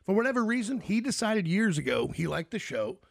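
A man's voice: high-pitched, sing-song, fairly quick, vocal fry, no echo, studio quality. A man hosting a radio interview, chatty and storytelling, often restarting his sentences. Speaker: radio show host. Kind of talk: casual interview.

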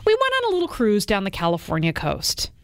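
A woman's voice: mid-range voice, wildly swooping pitch, fast talker, no room sound, clean studio sound. A woman co-hosting a morning radio show, telling stories in a playful, giggly way. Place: radio studio.

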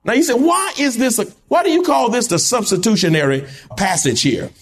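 A man preaching a sermon in a church, calling out to the congregation and building to fervent shouts. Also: extremely high pitch, expressive, brisk. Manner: call-and-response preaching, rising to shouts. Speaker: pastor.

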